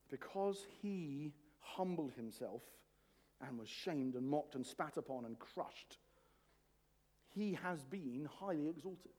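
A male pastor preaching a sermon with passion, shifting between soft, low passages and loud, emphatic ones.

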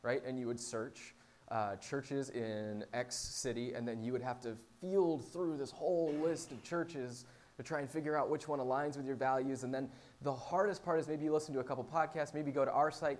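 A man's voice: medium pitch, fairly even intonation, brisk, a little mellow. A pastor delivering a sermon in a conversational, wry way, speaking directly to his congregation.

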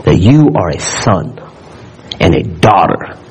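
Husky low-voiced man preaching a sermon. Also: slow pace, low-quality recording. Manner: animated storytelling with frequent asides and questions to the congregation; repeats words when building up. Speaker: pastor.

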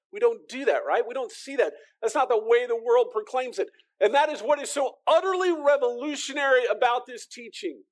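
Pastor, male, high-pitched, earnest sermon delivery that builds to emphatic peaks and falls soft. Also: expressive, brisk. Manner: earnest, rising into emphatic preaching, drops to soft tones; repeats words, talks to the congregation directly.

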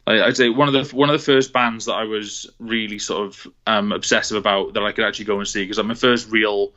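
A man's voice: on the low side, steady tone, fast, sharp tone, lo-fi sound. A man from Wales, chatting casually about music, rambling with lots of fillers and restarts. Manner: rambling, many fillers and restarts, laughs easily. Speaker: guest on a music podcast. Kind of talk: casual chat. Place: on a phone call.

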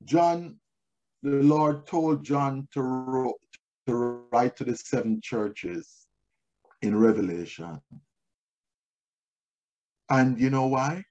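A man's voice: mid-range voice, takes it slowly, pauses often, darkish tone, dull audio. A man preaching a sermon as pastor, telling personal stories and repeating key phrases for emphasis. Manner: tells personal stories to make points.

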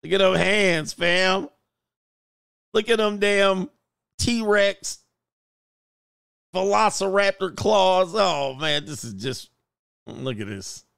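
Exasperated man with a gravelly voice. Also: high-pitched, takes it slowly, pauses often, a bit bright, dry recording, clean studio sound. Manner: exasperated, joking, crude. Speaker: commentator reacting to clips. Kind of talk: casual reaction commentary.

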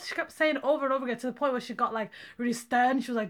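A young woman in her twenties, a podcast co-host, telling a story in casual chat with animated delivery and frequent laughter. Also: a little high, fast talker. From England.

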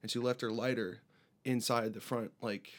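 A man in casual conversation, telling a long story with lively energy. He speaks at a middle pitch and lifts his voice when he mimics other people. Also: moderate pace. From United States. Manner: animated anecdote teller, voices border guards with raised pitch. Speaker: musician guest.

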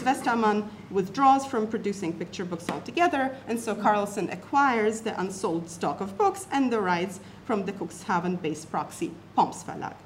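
Animated woman reading a paper aloud. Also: medium pitch, slight background noise. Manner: animated, sets off quotations with emphasis and asides. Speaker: academic presenter.

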